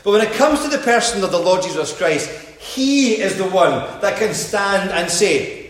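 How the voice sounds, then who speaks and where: A man's voice: sits high, lively intonation, moderate pace. A man preaching an evangelistic sermon, speaking earnestly and directly to his listeners. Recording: very echoey hall.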